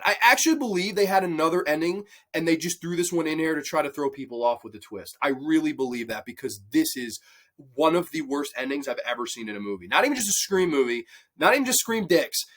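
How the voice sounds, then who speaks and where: A man's voice: mid-range voice, fairly bright tone. A man delivering an angry, profanity-heavy movie review rant, repeating himself in exasperation. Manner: angry, sweary, repetitive, exasperated.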